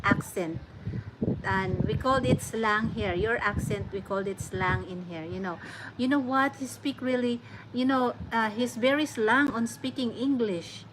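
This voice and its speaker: A middle-aged woman with a Filipino accent, chatting casually with her viewers, laughing often and restarting her sentences. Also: mid-range voice. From Philippines. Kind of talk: casual chat. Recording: noisy home recording.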